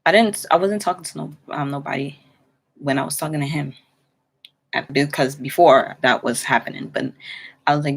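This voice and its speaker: A woman's voice: low-pitched, moderate pace, creaky, breathy edge. A young woman casually telling a personal story, rambling with many fillers and restarts. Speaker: vlogger.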